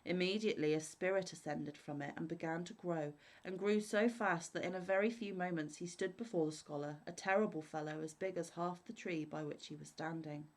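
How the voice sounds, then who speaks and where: A woman reading fairy tales aloud in a steady, measured way. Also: lowish voice, rough recording. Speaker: storyteller.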